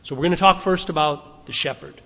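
A man's voice: on the high side, a little fast, pushed and bright, long reverb tail. A man preaching a sermon to a congregation, conversational and asking them questions. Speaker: pastor.

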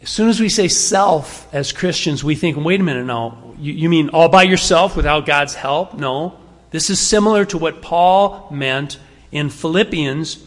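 A man preaching a sermon in a conversational, emphatic way, shifting between quick asides and slow, weighted phrases. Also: a little high, a bit bright. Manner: conversational, emphatic, varying pace and volume. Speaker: pastor. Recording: long reverb of a hall.

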